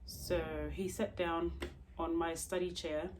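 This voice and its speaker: A young woman vlogger telling a story in an expressive, emphatic way. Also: on the low side, slow pace, noisy background. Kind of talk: storytime vlog.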